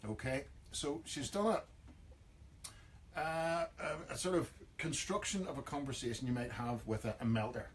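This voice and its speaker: A man's voice: mid-range voice, moderate pace, slight background noise. A man with a Northern Irish accent hosting a comic radio chat, acting out everyday phrases in jokey voices. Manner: jokey, acts out overheard phrases. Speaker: radio host.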